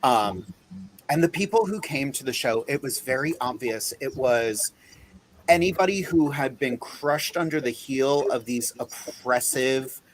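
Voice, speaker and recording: A man's voice: mid-range voice, a little slow. Chatty male podcast host. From Pennsylvania. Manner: chatty, animated storytelling with laughs. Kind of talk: casual chat. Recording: faint background noise.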